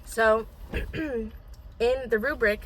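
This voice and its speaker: A woman's voice: on the high side, drawn-out words. A teenage girl co-hosting a casual podcast chat, blunt and rambling, swearing freely as she vents. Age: teens. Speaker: podcast co-host.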